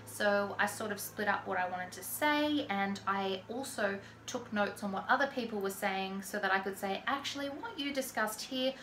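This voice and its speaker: A woman's voice: medium pitch, normal speed, few pauses, a bit bright, a little hiss or hum. An Australian woman chatting casually through a personal story, with lots of "like" fillers. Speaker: vlogger telling a personal story. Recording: echoey room. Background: lawn mower faintly outside.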